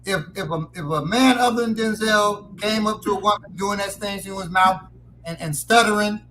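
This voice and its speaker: A man's voice: high voice, normal speed, bright, forceful tone, slight background noise, low-quality recording. A man in casual podcast banter, joking with frequent stumbling restarts.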